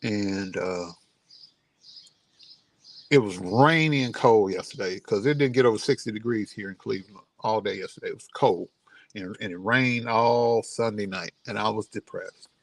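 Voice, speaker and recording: A man's voice: fairly low pitch, moderate pace, no room sound. A middle-aged man, a vlogger, telling a personal story in a casual, heartfelt and grieving way, then offering encouragement, speaking outdoors near his home.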